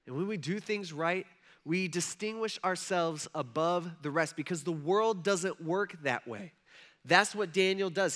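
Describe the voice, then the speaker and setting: A young man preaching a casual sermon, telling stories in a chatty, animated way with lots of fillers. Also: high-pitched. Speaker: pastor.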